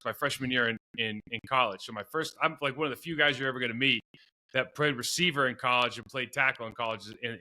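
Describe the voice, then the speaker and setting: A man's voice: medium pitch, pushed and bright. A middle-aged man, a former pro football player, telling long self-deprecating stories in a podcast interview, with many restarts and asides.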